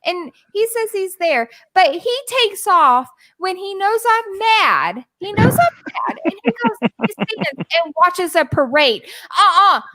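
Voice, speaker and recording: A woman with a very high, bright voice tells a story on a podcast, animated and exasperated, now and then dropping a swear word. Her pitch jumps around a lot as she acts out what the others said. The sound is close and dry. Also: takes it slowly, few pauses, no room sound, rough recording. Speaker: podcast co-host telling a story. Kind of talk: casual storytelling chat. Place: podcast recorded live with co-hosts.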